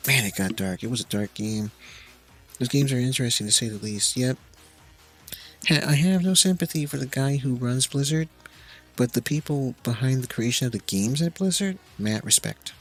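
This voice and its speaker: A man's voice: medium pitch, expressive, fairly quick, breathy edge, faint music behind. A young man streaming a game, rambling in a casual, profane, jokey way. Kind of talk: casual live-stream chat while gaming.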